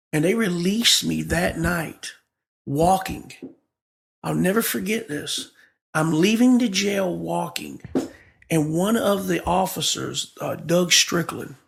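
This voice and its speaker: High, gravelly pastor telling his story. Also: slow, fairly bright tone. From Florida, USA. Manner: vivid storyteller acting out quoted dialogue, emphatic. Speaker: pastor telling his testimony as a podcast guest. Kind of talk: conversational testimony storytelling.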